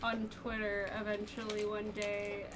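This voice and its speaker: A woman's voice: mid-range voice, monotone, unhurried, a loud crowd. A woman playing in a tabletop game, chatting casually in a blunt, foul-mouthed way. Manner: blunt, swears freely, storytelling. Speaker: player.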